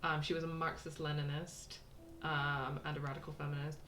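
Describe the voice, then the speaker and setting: Chatty woman with a low voice. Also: little pitch movement, fairly quick, fairly bright tone, a little hiss or hum. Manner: chatty, laughs often, stops to explain. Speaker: co-host playing a video game. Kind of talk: casual let's-play chat.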